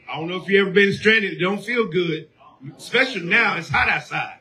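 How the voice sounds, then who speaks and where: Man, sermon, high pitch, forceful tone, call-and-response shouting. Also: a little fast. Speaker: preacher.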